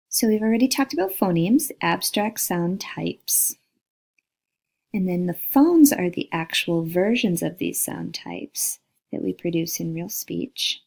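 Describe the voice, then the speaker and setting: A woman's voice: lowish voice, vocal fry, darkish tone. A woman lecturing on linguistics, walking through slides and saying example words aloud to model each sound. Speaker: linguistics instructor. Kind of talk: recorded lecture over slides.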